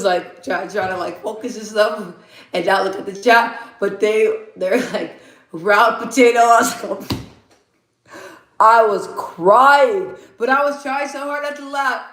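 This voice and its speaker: A woman's voice: medium pitch, unhurried, fairly bright tone. Chatty young woman, echoey room. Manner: laughs often, chatty, reads chat aloud. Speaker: livestream host. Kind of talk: casual livestream chat.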